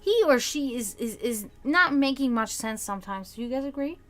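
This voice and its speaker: A woman's voice: on the high side, expressive, normal speed, fairly bright tone, faint music behind. Ranting young woman streamer, swearing freely. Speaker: livestream host. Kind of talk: casual livestream chat.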